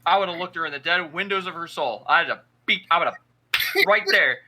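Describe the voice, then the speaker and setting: A man's voice: fairly high pitch, brisk, background noise. A young man in casual chat, telling a crude work story with lots of laughter. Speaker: podcast co-host.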